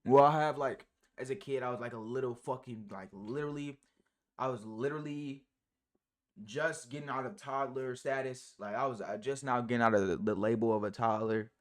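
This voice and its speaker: Reacting to clips on a live stream, this man talks in a brisk, rambling way, full of slang, swearing, and fillers. His pitch and volume swing widely.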